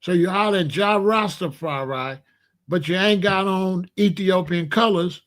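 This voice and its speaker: A man's voice: high voice, unhurried, a bit bright. A man from Chicago hosting a blunt, profane commentary rant. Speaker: host.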